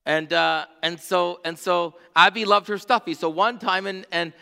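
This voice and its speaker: A middle-aged man preaching a sermon as pastor, with impassioned, rhythmic repetition that swings from hushed to near-shouting. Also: high voice, normal speed, creaky, clear, resonant tone. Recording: long reverb of a large hall.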